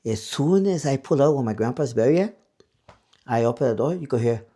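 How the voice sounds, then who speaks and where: A man's voice: medium pitch, expressive, brisk, dark tone, husky. A middle-aged man co-hosting a podcast, telling a ghost story in casual, profane chat that slips into Spanish. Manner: profane, mixes Spanish into English. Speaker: podcast co-host.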